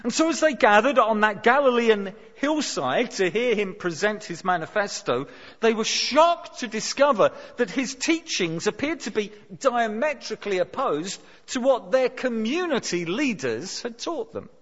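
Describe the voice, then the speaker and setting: A man preaching a sermon, emphatic and expressive, dropping his voice low for dramatic lines. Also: measured pace. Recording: dull sound with long hall reverb.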